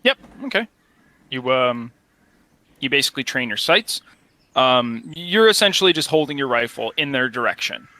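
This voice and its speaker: A man's voice: mid-range voice, big pitch swings, normal speed, pushed and bright, dry recording. A young man narrating as game master, casual and explaining rules with many fillers.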